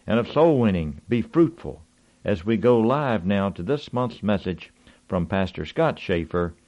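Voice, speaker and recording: An earnest man with a fairly low voice hosts a ministry broadcast. He speaks in a measured, preacherly way, and the recording sounds dull and lo-fi. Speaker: ministry host. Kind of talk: scripted radio-style introduction.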